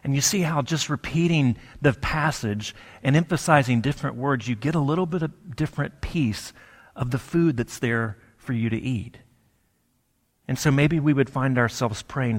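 A man giving a sermon in a conversational, storytelling way, with pauses for effect. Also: medium pitch. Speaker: pastor. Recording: long hall reverb.

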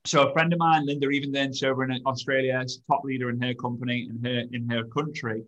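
A man's voice: medium pitch, fairly even intonation, fast talker, fairly bright tone, highs cut off. A man hosting a podcast, chatting eagerly with a guest and often restarting his sentences. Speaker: podcast host. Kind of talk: casual interview chat.

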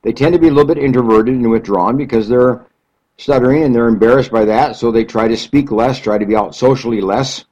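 A man giving an explanatory talk, slow and deliberate, stretching key phrases for emphasis. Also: mid-range voice, a little mellow, muffled recording. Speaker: speaker explaining stuttering.

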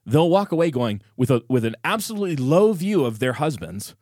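A man's voice: on the high side, very animated, brisk, a little mellow, no echo, clean studio sound. A man co-hosting a podcast, out of breath and talking in a heated, emphatic way. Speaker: podcast co-host. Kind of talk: casual chat.

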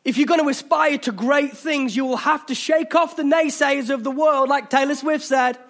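A man's voice: very high voice, steady tone, moderate pace, a bit bright. A man with an English accent preaching a passionate sermon in a church, urging listeners on, with jokey asides. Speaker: pastor. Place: church hall.

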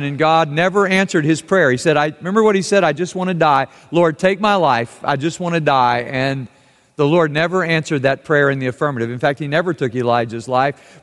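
Male pastor, sermon reading, fairly high voice, dramatic swells, long church reverb. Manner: dramatic reading, voice rising and dropping with the text. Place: church sanctuary.

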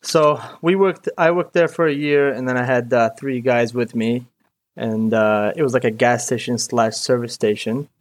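A man's voice: mid-range voice, fairly even intonation, moderate pace. A young man from Iraq, a mechanic guest chatting casually in an interview, rambling and peppering his talk with "dude" and "you know".

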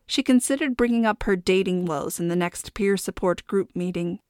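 A woman reads a novel aloud in a steady, expressive narration. Her voice sits at a middle pitch. The sound is close and dry. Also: normal speed, smooth, no room sound. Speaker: audiobook narrator. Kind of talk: scripted narration.

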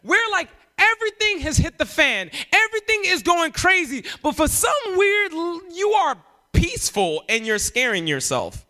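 A man preaching a sermon, emphatic and animated, often jumping up in pitch for emphasis. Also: normal speed. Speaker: pastor.

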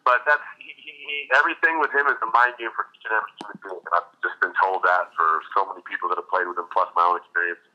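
Fast-talking, profane ex-hockey enforcer. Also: male voice, low voice, highs cut off. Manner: profane, animated anecdotes with acted quotes. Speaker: podcast guest, retired hockey enforcer. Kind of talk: casual storytelling interview.

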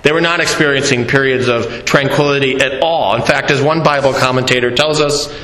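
A man preaching a sermon, telling a story with slow, deliberate delivery and playful asides to the congregation. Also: medium pitch, fairly even intonation, sharp tone. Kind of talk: sermon with audience interaction. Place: church. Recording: echoey church hall.

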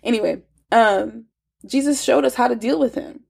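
Gravelly woman giving a chatty devotional teaching. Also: on the high side, normal speed. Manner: chatty, emphatic, many asides. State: congested stuffy nose. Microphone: phone.

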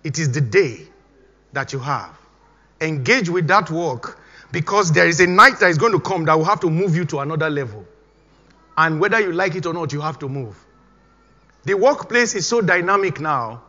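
High, bright-voiced pastor preaching. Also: male voice, animated, moderate pace. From Nigeria. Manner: emphatic, repeating exhortations. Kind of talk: sermon. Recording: dull recording with long hall reverb.

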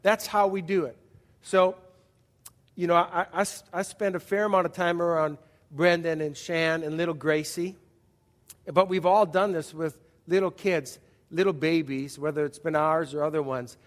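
A man's voice: fairly high pitch, fairly even intonation, normal speed. Man preaching in a reverberant hall. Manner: conversational, asks the audience questions, frequent restarts. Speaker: pastor. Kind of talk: sermon.

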